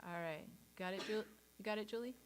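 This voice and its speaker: A woman's voice: mid-range voice, brisk, a little hiss or hum. A woman directing a choir rehearsal, counting beats aloud and singing parts to show them, encouraging and patient. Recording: rehearsal room with piano behind.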